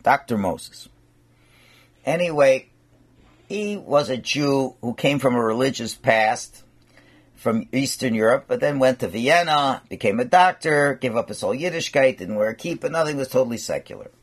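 A man giving a storytelling sermon as a rabbi, animated and sprinkled with Yiddish and Hebrew words. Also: mid-range voice, moderate pace.

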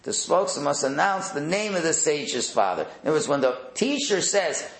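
Guy teaching talmud class, kinda high gravelly voice, echoey room, restarts a lot, terms. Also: very animated, brisk, a bit bright. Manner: conversational, repeats and restarts, mixes Hebrew and Aramaic terms.

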